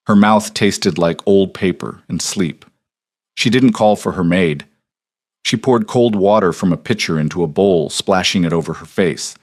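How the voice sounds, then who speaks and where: A man reading a period romance story as scripted narration in a measured, unhurried way. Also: low voice.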